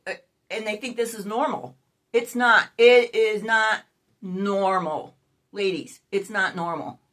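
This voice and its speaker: A woman's voice: mid-range voice, bright, forceful tone. A woman in her sixties telling a dating story to camera, outspoken and exasperated, swearing now and then. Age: 60s. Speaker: vlogger.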